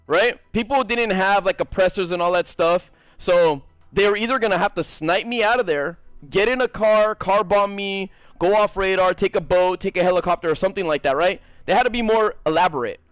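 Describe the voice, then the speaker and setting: High-voiced, profane male gaming streamer. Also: no room sound. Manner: animated, profane, fast-rambling. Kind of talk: casual storytelling stream chat.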